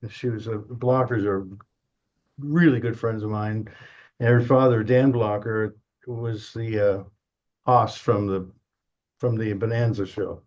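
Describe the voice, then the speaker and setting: A man's voice: on the low side, steady tone, unhurried, darkish tone, highs cut off. An older man from Detroit, a guest in an interview, telling rambling anecdotes with frequent chuckles. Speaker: guest, drum company co-founder. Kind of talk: casual storytelling.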